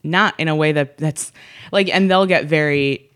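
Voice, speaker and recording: A woman's voice: sits low, normal speed, a bit bright, no room sound, clean studio sound. Chatty young woman, lots of fillers. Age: 20s. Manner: chatty, filler-heavy, frequent restarts. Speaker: guest. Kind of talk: casual chat.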